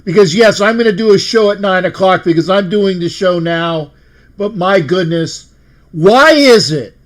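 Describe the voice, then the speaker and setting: A man's voice: high voice, fairly even intonation, normal speed. A man hosting a fan call-in livestream, emotional and exuberant, often repeating himself. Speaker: show host.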